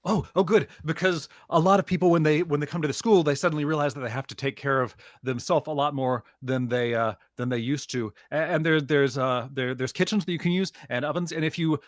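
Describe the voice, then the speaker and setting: A man doing an eager, high-voiced friendly student. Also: fairly even intonation, a little fast, few pauses, no room sound, clean studio sound, close to an everyday voice. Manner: eager, chatty, helpful. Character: eager friendly student offering homemade bread.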